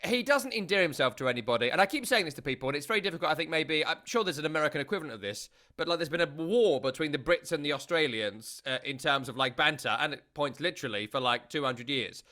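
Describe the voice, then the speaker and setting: A man's voice: a little high, lively intonation, quick pace, few pauses, pushed and bright. A British man co-hosting a casual football chat, rambling and chatty with many fillers. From Britain. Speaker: podcast co-host.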